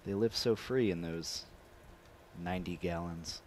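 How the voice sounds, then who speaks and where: Wry, low-voiced man. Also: measured pace, slight background noise. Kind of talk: casual comedic chat.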